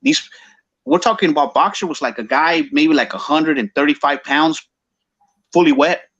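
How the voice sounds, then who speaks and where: A man's voice: on the high side, moderate pace, fairly bright tone, breathy edge, lo-fi sound. Slangy Chicano man telling a street story. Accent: Chicano English. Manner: slangy, switching between English and Spanish. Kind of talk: casual storytelling.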